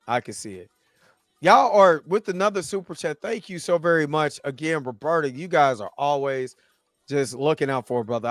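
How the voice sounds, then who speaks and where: A laid-back man hosts a livestream and chats casually with his viewers, his voice sitting fairly high. He is recorded on a dry, close mic with faint music playing underneath. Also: fairly bright tone, dry recording. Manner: laid-back, chatty, often laughing and trying voices. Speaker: livestream host reading chat.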